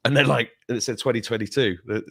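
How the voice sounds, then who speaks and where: A man's voice: medium pitch, steady tone, fast, vocal fry, a bit bright, no echo, clean studio sound. A man in his fifties hosting a casual podcast chat, rambling through stories with swearing and laughter. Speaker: show host.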